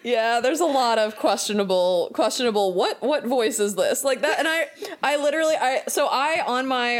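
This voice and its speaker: Rambling, amused woman in casual chat. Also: a little high. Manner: rambling, self-correcting, amused. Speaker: podcast co-host.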